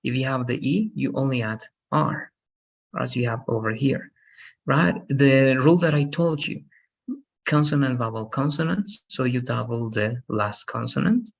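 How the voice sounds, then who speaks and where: A man with a husky voice, heard as dull, lo-fi call audio, teaches an English grammar lesson. He is patient and repeats each rule, checking in with "right?". His pitch sits mid-range. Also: normal speed.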